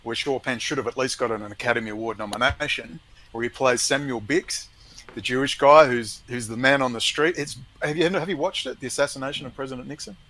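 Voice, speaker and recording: A man's voice: mid-range voice, fairly quick, sharp tone, low-quality recording. A man ranting emphatically and scornfully in a heated conversation, with many restarts.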